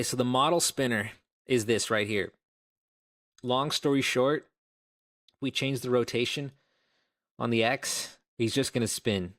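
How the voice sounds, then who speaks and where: Casual male streamer, lowish voice, rambling think-aloud coding commentary. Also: a bit bright. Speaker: game developer streaming live.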